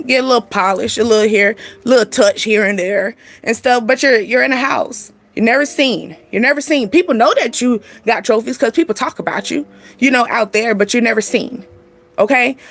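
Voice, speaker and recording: Chatty high-voiced woman giving a reading. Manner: chatty and animated, laughs often, talks straight to viewers; informal slangy speech with y'all and ain't. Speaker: spiritual reader and channel host. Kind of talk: casual spiritual reading to camera.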